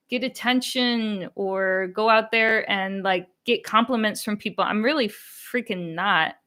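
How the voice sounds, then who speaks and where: A woman's voice: mid-range voice, measured pace, hardly any pauses, pushed and bright. A young woman hosting a language-learning channel, chatting casually on a live stream and answering comments. She is candid, laughs often and slips into Chinese phrases.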